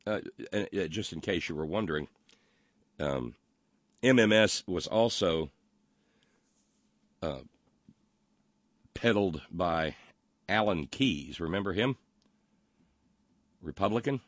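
A man's voice: sits low, expressive, dry recording. A man hosting a political talk show, reading listener comments and mocking the news with sarcasm and lots of ums and uhs. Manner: mocking, sarcastic, halting with many fillers.

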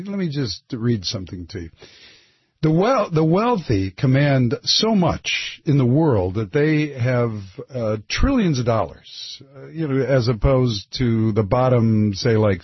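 A man's voice: medium pitch, slightly rough, no room sound, lo-fi sound. A man hosting a radio talk show, chatting casually and rambling with fillers.

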